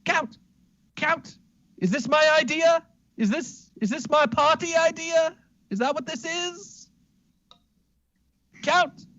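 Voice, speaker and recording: A man putting on a nervous, fussy host who stammers and begs for just one minute. The voice jumps high above his usual tone and stays pleading and hurried. The sound is dry and a little dull. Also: a bit bright, dry recording, full character voice. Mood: frantic. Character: flustered fussy male host Smithington.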